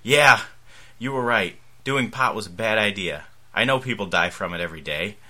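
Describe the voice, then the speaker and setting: A man's voice: on the low side, lively intonation, normal speed, bright, forceful tone, voice pushed down. A man reading fan fiction aloud and voicing a laid-back, dopey teenage boy. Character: dopey stoner teen boy Seth.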